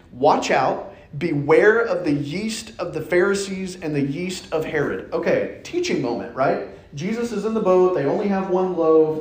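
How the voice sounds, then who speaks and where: A man preaches a sermon, animated and playful, acting out little voices as he goes. His voice sits fairly high for a man. The church room around him gives it a clear echo. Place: church sanctuary.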